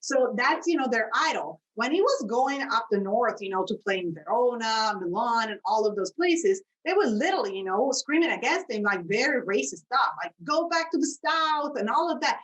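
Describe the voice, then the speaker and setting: An Italian-accented woman, a native speaker of Italian, talks as a podcast guest in an animated, laughing way. Her voice sits fairly high and sounds somewhat distant from the microphone. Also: brisk, hardly any pauses. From Italy. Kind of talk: casual chat.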